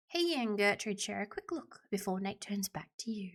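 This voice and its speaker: A woman's voice: medium pitch, animated, moderate pace, hardly any pauses, fairly bright tone. A woman streaming a story game live, reading it aloud, chatting and laughing, and slipping into a playful pirate brogue. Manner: chatty, laughs often, talks to her pet and chat. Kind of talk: live game playthrough with voiced characters.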